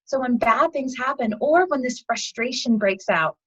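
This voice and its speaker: A woman guest in an interview, telling a parable in a chatty, animated way with fillers, as a yoga teacher. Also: sits high, normal speed, slightly rough, muffled recording. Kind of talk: storytelling a parable in conversation.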